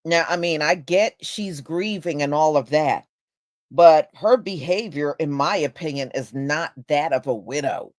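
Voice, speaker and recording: A woman hosting a livestream, greeting chat viewers by name and commenting in a measured, skeptical way. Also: deep voice, a little mellow, no room sound, studio quality. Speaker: host.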